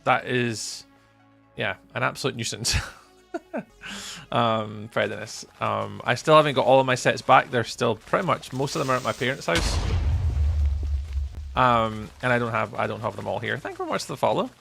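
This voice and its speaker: A man with a mild Scottish accent and a very gravelly, creaky voice that is bright and forceful. He talks casually as a game streamer, replying to his viewers' chat messages, with faint music playing behind him. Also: medium pitch, animated, moderate pace. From Scotland.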